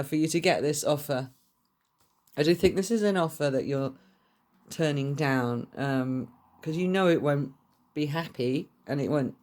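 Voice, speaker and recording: A woman's voice: low-pitched, a little mellow. A young woman reading tarot cards to camera in a chatty, gushing way, swearing freely. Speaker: tarot reader.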